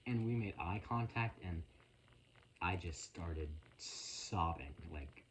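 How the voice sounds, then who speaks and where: Very deep-voiced young man rambling. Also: animated, slight background noise, low-quality recording. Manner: earnest, halting, emotional retelling. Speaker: vlogger. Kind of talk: casual rambling story. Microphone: phone.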